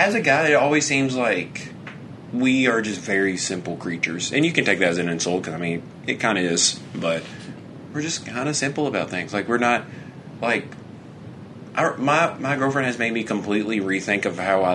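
A man's voice: on the low side, lively intonation, moderate pace, noisy background. A young man co-hosting a podcast in casual chat, rambling, laughing often and swearing as he acts out quoted back-and-forth. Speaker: podcast co-host.

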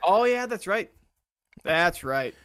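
Lively-voiced man telling stories. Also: sits high, slow, no room sound. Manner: animated storyteller, reads out news items. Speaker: podcast co-host. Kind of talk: casual podcast chat.

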